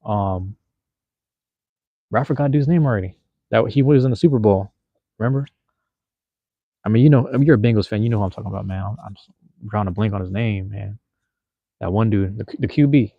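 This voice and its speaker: A low-voiced man from Seattle chatting on a livestream, loose and slangy, cursing casually as he answers his viewers. The sound is dry and a little dull, like a cheap desk mic. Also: fairly quick, gravelly, long pauses, dry recording. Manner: loose, slangy, drops profanity, addresses chat. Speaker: livestream host.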